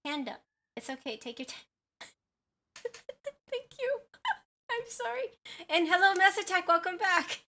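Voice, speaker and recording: A woman's voice: extremely high pitch, big pitch swings, unhurried, pauses often, pushed and bright. A woman streamer chatting casually with viewers, rambling with lots of fillers, giggles and apologies. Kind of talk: casual livestream chat with viewers.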